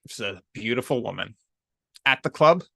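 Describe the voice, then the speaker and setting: A man co-hosting a podcast in casual chat, teasing his partner in a deadpan way. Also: mid-range voice, normal speed, creaky, dry recording. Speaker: podcast co-host.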